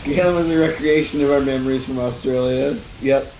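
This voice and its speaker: A man's voice: mid-range voice, fairly even intonation, brisk, over music. A man joining a casual gaming chat, playful and teasing.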